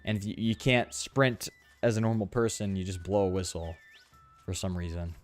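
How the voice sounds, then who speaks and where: A man's voice: low voice, little pitch movement, moderate pace, faint music behind. A man streaming a game, joking and self-mocking in slangy, casual commentary. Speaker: gaming streamer.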